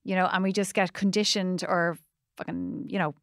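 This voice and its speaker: A woman's voice: lowish voice, animated, moderate pace, no echo, clean studio sound. A woman co-hosting a podcast, chatting earnestly and agreeing readily. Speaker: podcast co-host. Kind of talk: casual chat.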